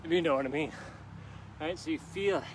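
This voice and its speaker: A man's voice: fairly high pitch, fairly quick, a little hiss or hum. A male fitness instructor coaching a live outdoor workout, upbeat and urging viewers on with countdowns while out of breath and sweating. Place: outdoors in a park on grass.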